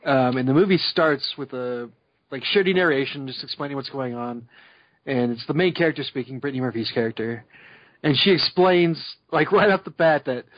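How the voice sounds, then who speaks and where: A man's voice: mid-range voice, normal speed, no room sound. A man co-hosting a podcast in casual chat, rambling with lots of "like" and laughing as he talks. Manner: rambling, laughing, many likes. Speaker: podcast co-host. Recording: slightly dull dry recording.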